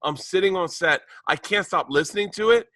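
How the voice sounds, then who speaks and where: A man in his forties, a podcast co-host excitedly rambling through a story in casual chat. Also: high voice, brisk, no room sound. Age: 40s.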